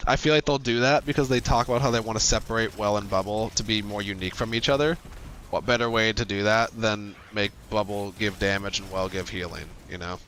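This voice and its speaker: Guy streamer chatting while gaming, bright kinda forceful voice, jokey, little bit of hiss behind. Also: lowish voice, a little fast. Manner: chatty, laughs often, jokey. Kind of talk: casual gaming chat.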